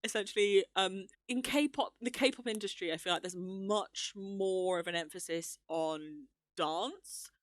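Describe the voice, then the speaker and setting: A woman's voice: medium pitch, unhurried, few pauses, dry recording, clean studio sound. A young woman co-hosting a casual podcast, chatty and enthusiastic, laughing often. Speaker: podcast co-host. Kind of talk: casual chat.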